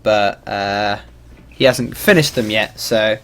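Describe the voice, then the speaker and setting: A man's voice: on the low side, slow pace. A man streaming a game, chatting casually and rambling, swearing and chuckling along the way. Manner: animated, rambling, swears and laughs freely. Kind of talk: casual livestream commentary.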